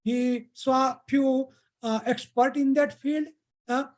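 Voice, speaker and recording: Halting storyteller. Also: high voice, fairly even intonation, darkish tone. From India. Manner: halting, many pauses and restarts. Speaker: storyteller at a youth camp. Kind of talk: telling a folk tale to children.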